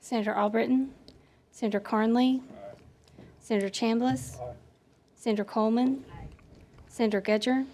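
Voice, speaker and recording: A woman clerk calling the roll of senators in a steady, clipped way. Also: a little high, moderate pace, long pauses. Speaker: committee clerk.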